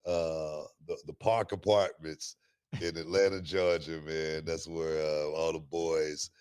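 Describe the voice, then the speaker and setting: A middle-aged man co-hosting a podcast, telling stories in a loud, animated way with lots of slang and laughter. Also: very deep voice, unhurried, clean tone. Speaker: podcast co-host. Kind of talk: casual storytelling chat.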